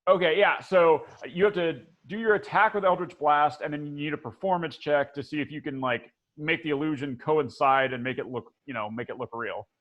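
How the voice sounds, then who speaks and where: A man's voice: fairly high pitch, fairly quick, few pauses, a bit bright, dull audio. A man running a tabletop game as dungeon master, rambling with frequent restarts and laughter.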